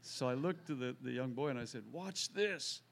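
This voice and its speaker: A man's voice: medium pitch, fast talker, gravelly. A man who works as a contractor, telling a faith story to a church group and acting out the people in it. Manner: lively storyteller, acts out quoted voices. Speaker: contractor sharing a testimony. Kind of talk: storytelling testimony.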